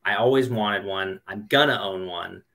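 A man in a casual chat with a lowish voice and a bright, forceful tone. He reflects and thinks out loud as he talks. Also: normal speed, vocal fry.

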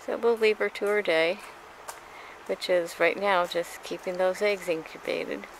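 A woman's voice: lowish voice, steady tone, measured pace. Chatty woman filming animals outdoors. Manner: chatty, coos affectionately at animals. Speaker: vlogger filming wildlife. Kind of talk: casual narration while filming. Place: outdoors by a street and pasture. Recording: noisy outdoor camera audio.

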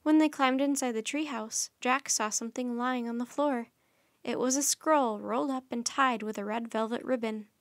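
A woman hosting a children's storytime, reading a chapter book aloud in a gentle, friendly, unhurried way. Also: a little high, no echo, clean studio sound.

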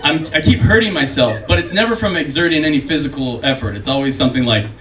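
A quick-paced male comedian in his forties performs stand-up on a club stage, mocking himself in a dry deadpan and using high voices for quoted people. He's heard from far away in a roomy space, with a noisy background and an audible crowd.

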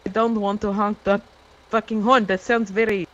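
A woman's voice: mid-range voice, little pitch movement, moderate pace, highs cut off, natural voice. Blunt Russian mugger woman, broken English, played by a woman doing a Russian accent. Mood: irritated. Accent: put-on Russian.

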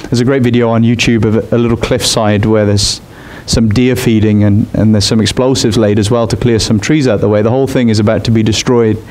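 A man preaching a sermon in an expressive way. He climbs high in pitch on his emphatic points. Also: a little fast, hardly any pauses.

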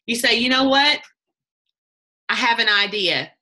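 Casting note: bright, lively woman telling stories during a team pep talk on a video call. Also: on the high side, measured pace. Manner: chatty, animated, acts out quotes, laughs often. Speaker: team leader giving a sales training talk.

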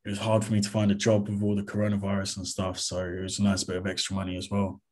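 A man's voice: lowish voice, quick pace. Laid-back young man. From England. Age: 20s. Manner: relaxed and chatty, says "mate" and "to be honest". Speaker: interview guest, comedy content creator. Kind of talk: casual interview chat.

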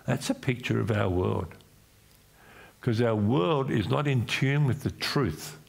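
A man's voice: animated, takes it slowly, vocal fry. A man with an Australian accent, preaching a sermon as pastor in a church, acting out voices when he retells stories. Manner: acts out voices in his retellings, pitch swinging up and down.

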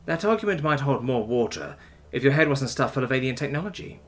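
A man voicing a calm, patient male interrogator who questions mildly and evenly. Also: medium pitch, quick pace, close to an everyday voice. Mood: calm probing. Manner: mild, even, coaxing questioning.

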